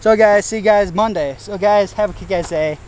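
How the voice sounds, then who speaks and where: A man's voice: high voice, normal speed, a little mellow, slight background noise, low-quality recording. A young man from Wisconsin, rambling casually and profanely in a self-mocking vlog. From Wisconsin, United States. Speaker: vlogger.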